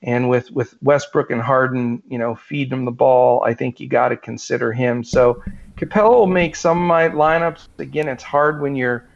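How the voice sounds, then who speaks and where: The gravelly co-host of a laid-back sports betting podcast rambles at a moderate pace in a medium-pitched voice, restarting often and filling gaps with fillers. It's recorded with dull lo-fi sound.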